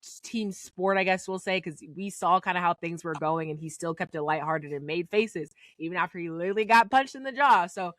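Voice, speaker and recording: A woman co-hosting a sports talk show, making relaxed commentary full of fillers. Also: fairly low pitch, fairly quick, few pauses, no room sound. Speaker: co-host.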